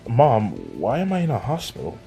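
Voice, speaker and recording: Man as nervous polite teen boy, soft, stammers, fan audio story. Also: medium pitch, big pitch swings, moderate pace, faint music behind, voice pushed up. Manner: soft-spoken, hesitant, stammers.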